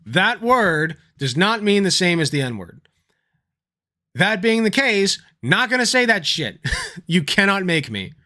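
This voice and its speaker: Bright-voiced man streaming casual commentary. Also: high voice, sing-song, a little slow. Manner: swears casually, tells anecdotes with laughing asides. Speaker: livestream host.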